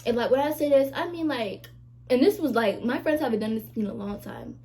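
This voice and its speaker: A young woman vlogging in a frank, chatty way, her voice sitting a little high but soft and mellow in tone. She talks straight to her viewers with emphatic asides, like a friend spilling about her life. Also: brisk. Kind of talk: casual confessional chat to camera.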